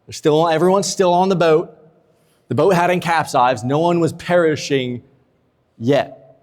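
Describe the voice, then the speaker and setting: A man's voice: fairly high pitch, fairly even intonation, unhurried, a little mellow. A man preaching a sermon, casual and humorous, acting out quotes with energy. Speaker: pastor. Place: church sanctuary. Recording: long church reverb.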